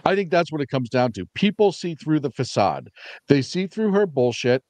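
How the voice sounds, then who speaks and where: A man's voice: fairly high pitch, big pitch swings, moderate pace, a little mellow, dry recording. A man talking bluntly on a heated political panel, rambling and restarting his sentences.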